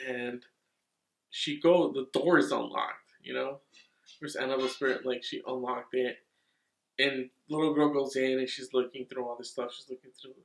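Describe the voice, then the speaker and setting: A man reviewing a horror movie in a rambling, excitable way, swearing freely. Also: on the high side, roomy sound.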